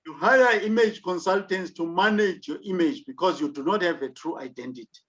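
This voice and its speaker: A South African man delivers a leadership lecture with emphatic, rhetorical questioning. His voice sits a little high for a man. The recording is dull and lo-fi. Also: moderate pace, fairly bright tone.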